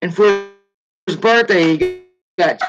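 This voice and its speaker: A woman's voice: medium pitch, slow pace, dull audio, over music. A woman in her forties hosting a livestream in casual chat, joking and swearing freely as she rambles. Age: 40s. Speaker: livestream host.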